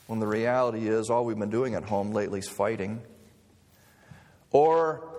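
A man preaching a sermon in a conversational way, mixing humor with scripture. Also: mid-range voice. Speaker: pastor. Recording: long reverb of a hall.

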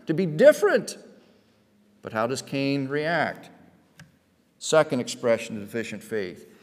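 A male pastor preaching a sermon. He moves from quiet storytelling to loud, emphatic preaching. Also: on the high side, in a large hall.

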